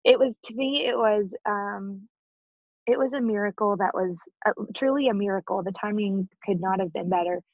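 Husky woman in her thirties, earnest. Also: mid-range voice, moderate pace, no echo, phone-quality sound. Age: 30s. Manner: earnest and emotional, often laughing, near tears. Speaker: interview guest. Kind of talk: personal faith story in an interview.

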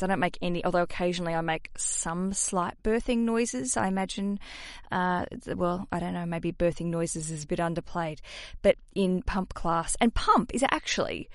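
An Australian woman in her mid-thirties hosting a podcast, chatting casually and animatedly, with frequent swearing and sudden high excited peaks. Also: no room sound, studio quality. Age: mid-30s. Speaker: podcast host.

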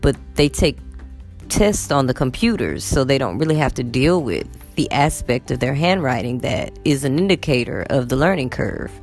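Low gravelly lady teacher chatting to her followers, faint music behind. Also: moderate pace. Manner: chatty, animated storytelling with acted quotes of students. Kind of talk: casual vlog chat.

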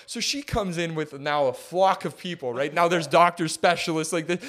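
A young man co-hosting a podcast talks fairly quickly, with hardly any pauses, as he tells a casual story. Animated, he acts out quotes using big jumps in pitch.

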